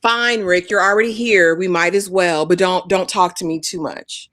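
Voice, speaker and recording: A woman's voice: fairly low pitch, fairly even intonation, moderate pace, fairly bright tone, no room sound, studio quality. A woman co-hosting a live recap of a reality show, giving blunt, sassy, exasperated commentary. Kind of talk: casual live recap chat.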